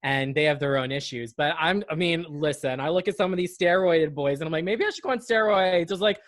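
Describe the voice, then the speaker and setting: A man who is a guest author in a casual interview chat, telling his stories in an animated way and laughing his way through them. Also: on the high side, brisk, dry recording.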